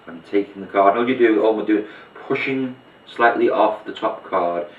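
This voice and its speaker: A low-voiced man talks through a card trick step by step, chatty and hands-on as he demonstrates. He sits back from the mic in a roomy space, and the recording sounds dull and muffled. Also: normal speed, far from the mic, slight background noise. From Liverpool, England. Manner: chatty, step-by-step explaining while handling cards. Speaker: magician teaching a card trick. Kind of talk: demonstration tutorial.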